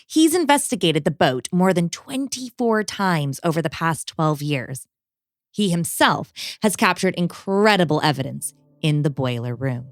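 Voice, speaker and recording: A woman's voice: lowish voice, unhurried, no echo, clean studio sound. A woman hosting a podcast, reading scripted narration in a dramatic, storytelling way. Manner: dramatic, expressive storytelling read.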